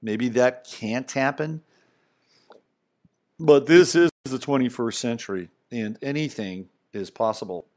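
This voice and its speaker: A man's voice: mid-range voice, measured pace, a little mellow. Rambling, emphatic male podcast host. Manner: rambling, emphatic, conversational, with frequent asides. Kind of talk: casual monologue commentary.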